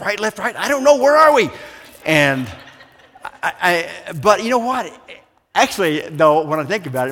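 Pastor preaching in a reverberant hall. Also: male voice, high voice, a little hiss or hum. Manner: animated storytelling with questions to the congregation. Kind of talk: sermon. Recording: long church hall reverb.

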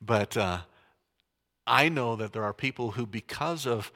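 A man's voice: medium pitch, measured pace, sharp tone. A male pastor giving a sermon in a conversational way, with joking asides. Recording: long hall reverb.

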